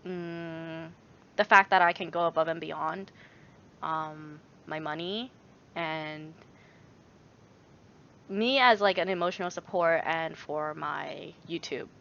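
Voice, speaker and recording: A young woman talks through a relaxed livestream chat, circling her thoughts with fillers and stopping to read viewer messages. Her voice is bright and forward. The audio sounds a little dull and lo-fi. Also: low-pitched, slow pace, vocal fry, long pauses. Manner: rambling, many fillers, reads viewer messages aloud. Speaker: YouTuber answering chat.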